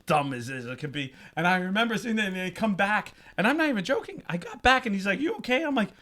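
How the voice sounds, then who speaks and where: A man's voice: high-pitched, fast talker. A man hosting a podcast, telling a funny story in a casual way. He laughs often and acts out the voices of the people in it. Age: adult, past twenties. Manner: animated, laughing often, acting out quoted voices. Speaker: podcast host.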